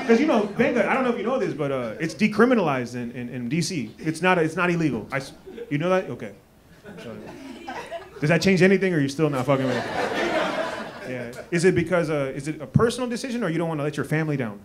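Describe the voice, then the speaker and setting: High-pitched guy comic teasing the crowd, loud and laughing, noisy live club sound. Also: animated, fast talker. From Maryland, USA. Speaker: stand-up comedian. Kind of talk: crowd work. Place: comedy club stage. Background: audience laughter.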